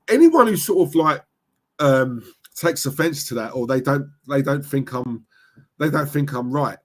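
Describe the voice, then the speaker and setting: Husky guy ranting on his live stream, keeps going "right?" and "yeah?", loud and blunt. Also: on the high side. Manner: outspoken, repetitive, tag questions. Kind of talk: casual live-stream rant.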